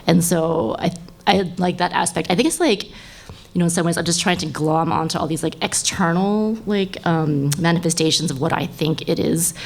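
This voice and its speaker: A woman's voice: on the low side, steady tone, normal speed, creaky. Chatty woman who laughs a lot. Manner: chatty, laughs often, lots of fillers. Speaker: panel guest. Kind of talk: live podcast panel chat.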